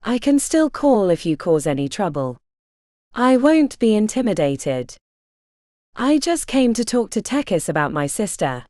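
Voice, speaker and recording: A blunt, determined young woman speaks with direct, firm lines, as a woman narrator voices her. Her pitch moves in a lively way. The sound is dry and close. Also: measured pace, no room sound.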